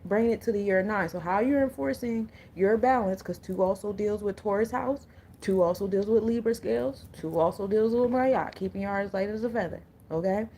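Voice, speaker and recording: A woman's voice: mid-range voice, dark tone, a little hiss or hum. A woman, an energy coach and tarot reader talking casually to her viewers, blunt and full of slang and joking asides. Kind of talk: casual spiritual reading to viewers.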